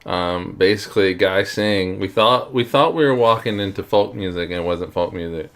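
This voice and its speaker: A middle-aged man co-hosting a casual podcast, rambling and halting with fillers. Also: low-pitched, fairly bright tone. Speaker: podcast co-host. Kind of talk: casual chat.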